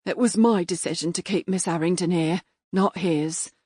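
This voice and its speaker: A woman's voice: lowish voice, moderate pace, dark tone, breathy edge, no echo, studio quality. Defiant farmer's wife, read by a woman. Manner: firm, defiant.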